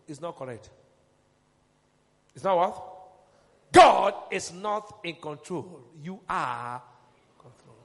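A man preaching a sermon, emphatic and rousing, calling questions to his congregation and rising into shouts. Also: fairly high pitch, lively intonation, takes it slowly, creaky, pauses often, in a large hall.

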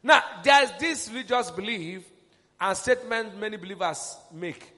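High-voiced animated preacher in a hall. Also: male voice, moderate pace. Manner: emphatic, rising to shouts, call-and-response. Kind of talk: sermon.

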